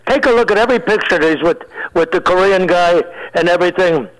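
Man, 90s, comic radio guest: high voice, rambling jokes, hunting for words. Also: fast talker, a bit bright, low-quality recording. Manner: rambling, joking, searches for words, laughs at own jokes. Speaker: comedian guest. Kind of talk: casual joking chat.

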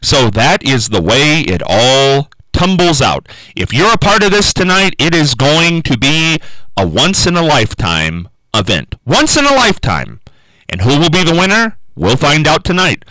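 A radio show host, a man with a bright, forward voice that swings up and down a lot as he talks. He chats folksily and repeats his phrases for emphasis, in a dry studio with no room sound. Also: on the high side, huge pitch swings, moderate pace, no echo, rough recording. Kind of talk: radio talk show monologue.

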